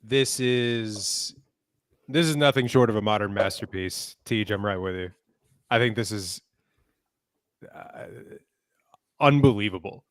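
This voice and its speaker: A podcast co-host in casual film review chat, agreeable and joking in a relaxed way. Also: male voice, fairly low pitch, unhurried, long pauses, dry recording, clean studio sound.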